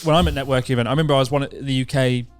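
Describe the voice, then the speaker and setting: A man's voice: medium pitch, very fast, clean tone, dry recording, soft background music. A British man in his thirties, a podcast guest, telling stories in a casual chat, swearing and laughing often. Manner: animated storytelling, swearing, laughing.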